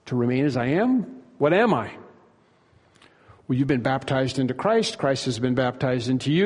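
A man preaching a sermon, emphatic, repeating key phrases and slowing down to stress them. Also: medium pitch, sing-song, a little mellow, husky. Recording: long hall reverb.

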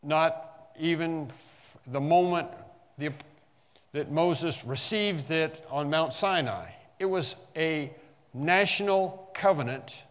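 A man preaching an expository sermon, emphatic, slowing on key phrases and rising in bursts. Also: on the high side, long reverb tail. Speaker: pastor.

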